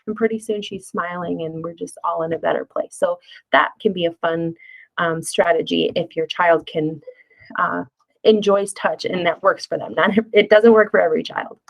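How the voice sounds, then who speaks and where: A woman's voice: fairly low pitch, steady tone, normal speed, vocal fry, low-quality recording. A middle-aged woman presenting a parenting workshop in a friendly, conversational way, with fillers and playful acted-out asides. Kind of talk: casual spoken workshop lesson.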